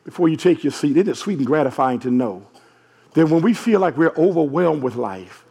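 A man, a hoarse pastor preaching a sermon and calling out to his congregation, rising to shouts. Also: on the high side, lively intonation, a little fast. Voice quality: gravelly, husky. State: hoarse from allergies. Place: large church sanctuary. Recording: long echo of a large church hall.

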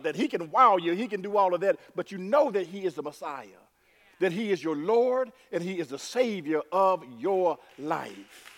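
A man's voice: high-pitched, animated, normal speed. A man preaching a sermon to his congregation, emphatic, repeating words and calling the crowd "y'all". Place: church sanctuary. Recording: long reverb of a hall.

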